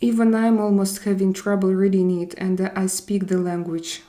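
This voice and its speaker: A woman's voice: medium pitch, flat delivery, normal speed, mellow. Woman with a Russian accent chatting to viewers. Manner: chatty, answers viewers' comments, switches between languages. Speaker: live-stream host reading chat. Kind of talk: casual live-stream chat.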